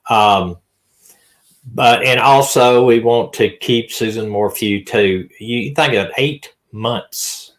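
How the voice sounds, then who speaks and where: A man hosting a live stream in a relaxed, folksy, reassuring way. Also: medium pitch, slow. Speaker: live-stream host, retired detective. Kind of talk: casual live-stream chat.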